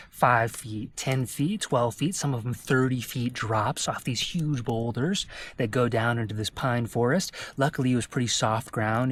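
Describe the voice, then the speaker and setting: Animated man telling a travel story. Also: mid-range voice, slight background noise. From United States. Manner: animated, checks in with listeners. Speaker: travel vlogger. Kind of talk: storytelling to camera.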